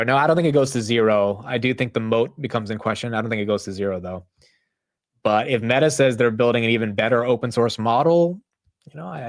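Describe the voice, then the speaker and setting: A man hosting a live market show, talking casually with slang and thinking aloud. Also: mid-range voice. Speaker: livestream host.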